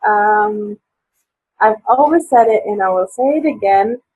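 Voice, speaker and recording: A woman's voice: medium pitch, a little slow, darkish tone, a little hiss or hum. A woman teaching a live online English class, hesitant and full of fillers, over dull lo-fi call audio. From Tunisia.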